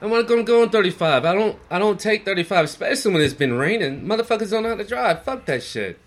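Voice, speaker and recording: A man co-hosting a podcast, telling a work story in a casual, animated way and acting out the dialogue. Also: sits high, fast talker. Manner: animated, acts out dialogue, swears freely. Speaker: podcast co-host.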